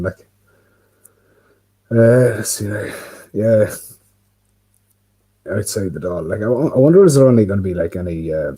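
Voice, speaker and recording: A man's voice: sits low, mellow, breathy edge, rough recording. An Irish man rambling casually on a livestream, full of fillers and swearing, talking to himself by a window. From Ireland. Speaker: livestream host. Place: indoors by a window.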